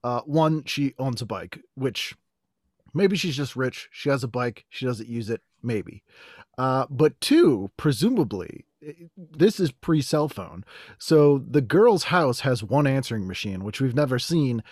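Male podcast co-host, wry quick remarks, mid pitch, dry close mic. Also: big pitch swings, darkish tone, no echo. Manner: wry, quick asides with frequent laughter. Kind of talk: casual chat.

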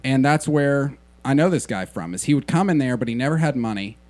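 A man's voice: medium pitch, animated, fairly quick, a little mellow. A man on a casual podcast, telling an anecdote in an easygoing way. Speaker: podcast co-host.

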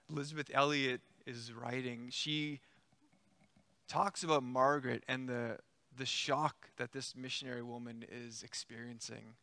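A man preaching a sermon, retelling a story in a conversational, animated way with acted-out quotes. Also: mid-range voice, creaky, dry recording.

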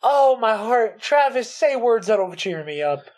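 A woman's voice: fairly high pitch, sing-song, a little slow, darkish tone. Theatrical teasing woman host. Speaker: podcast host. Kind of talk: casual chat.

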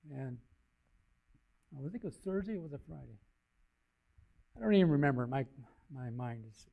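An older man giving an informal, rambling sermon with a personal story, his folksy voice swelling loud and dropping low. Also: creaky. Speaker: lay preacher.

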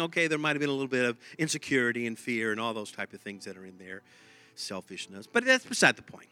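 A man preaching with a very bright, forceful voice, telling a humorous story about himself with plenty of restarts. The sound is close and dry, with faint music underneath. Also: medium pitch, no echo. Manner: self-deprecating storytelling with restarts. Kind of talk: sermon with personal story.

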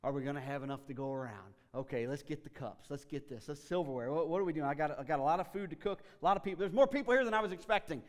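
Man putting on a frazzled woman, shrill, exasperated, high and loud, echoing hall. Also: racing, few pauses, natural voice. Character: frazzled fussy woman hosting a dinner.

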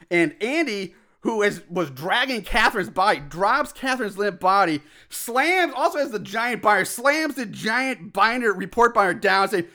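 A man casually recapping a film plot as a podcast host, animated, acting out shouted lines and laughing often. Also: high-pitched. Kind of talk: casual chat.

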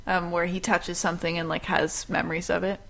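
A woman co-hosting a podcast in casual chat, agreeable and quick to affirm. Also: on the low side, level tone, vocal fry, a bit bright. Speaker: podcast co-host.

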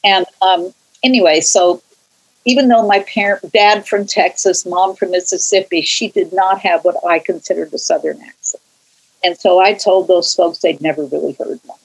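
A woman's voice: lowish voice, steady tone, moderate pace, husky, low-quality recording. An older woman from California, a church choir singer, recalling her musical upbringing in a rambling, conversational way with frequent restarts and tangents. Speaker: interviewee, church choir member. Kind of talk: casual conversational storytelling.

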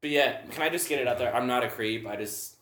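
A man's voice: mid-range voice, quick pace, fairly bright tone. A man telling crude, rambling stories in casual comedic podcast chat, acting out what people said. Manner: crude, rambling storyteller who acts out quotes. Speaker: podcast guest. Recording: echoey room with crowd noise.

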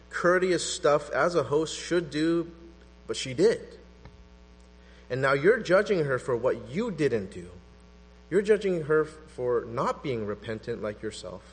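A man preaching a sermon in an animated, conversational way, acting out quotes as he goes. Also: on the high side, husky. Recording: long hall reverb with mains hum.

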